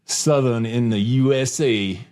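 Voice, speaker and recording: A male podcast host with an ordinary mid-range voice, chatting casually about business. He jokes freely and rushes ahead when he gets worked up. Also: medium pitch. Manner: jokey and energetic, speeding up when excited.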